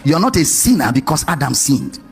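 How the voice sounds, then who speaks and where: A male preacher giving a lively sermon, questioning his congregation and stretching words in a sing-song way. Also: a little high, brisk, creaky, faint music behind.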